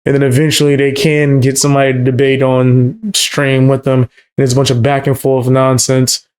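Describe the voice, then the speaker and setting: A man's voice: mid-range voice, little pitch movement, moderate pace, darkish tone, clear, resonant tone. A man hosting a commentary channel, reacting in a blunt, slangy, dismissive way.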